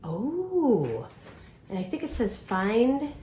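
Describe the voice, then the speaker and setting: A middle-aged woman in casual, excited chat, gushing and exclaiming to her viewers as she unboxes a prize at home. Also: fairly high pitch, drawn-out words. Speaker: quilting vlogger unboxing a prize. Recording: echoey room, faint noise.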